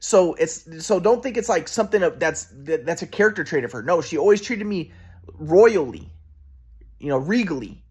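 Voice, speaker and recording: A man's voice: fairly high pitch, lively intonation, moderate pace, darkish tone, husky. A man in his twenties telling a rambling personal story to the camera, repeating himself and restarting sentences. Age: 20s. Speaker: vlogger.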